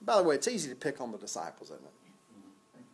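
A man delivers a sermon in a folksy, conversational way. His pitch sits in a middle range, and he often stops to restart a thought before he carries on. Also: wildly swooping pitch, brisk. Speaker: pastor.

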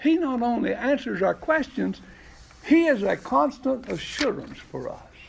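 Animated gravelly-voiced male preacher. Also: very high voice, measured pace, a little hiss or hum. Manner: expressive preaching with rhetorical questions and acted scripture quotes. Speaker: pastor. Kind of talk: sermon.

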